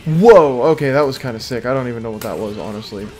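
A man's voice: medium pitch, fast, darkish tone. A man giving live commentary over his own fighting game matches, exclaiming and muttering to himself. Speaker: gameplay video creator. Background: faint game music.

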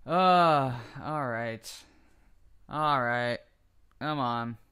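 A young man commentating his own shooter gameplay, excitable and swearing a lot, yelling when he wins. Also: mid-range voice, extremely slow, clear, resonant tone. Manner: excitable, swears constantly, yells when winning. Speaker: gaming video creator. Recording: loud game gunfire behind voice. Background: shooter game gunfire and effects.

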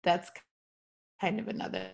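A woman's voice: normal speed, dull audio. A woman teaching a spiritual class online over a video call. She talks casually, often checks in with her listeners, and jokes at her own expense. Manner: light self-mocking humor.

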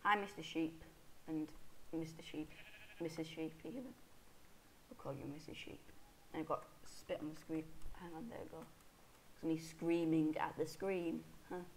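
On poor audio with slight background noise, a Minecraft let's player offers casual commentary in a low, steady voice at normal speed, pausing often. Chatty and self-deprecating, she hiccups while talking and addresses the animals in her game.

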